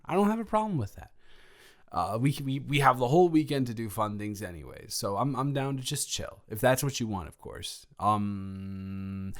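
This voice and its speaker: A young man improvising an audio role-play, talking in a flustered, rambling way with many stammering restarts. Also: medium pitch.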